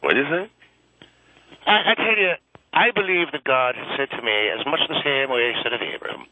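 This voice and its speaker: A man playing a defensive priest who talks haltingly and earnestly. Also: medium pitch, pushed and bright. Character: defensive middle-aged male priest. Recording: dull lo-fi audio with faint noise.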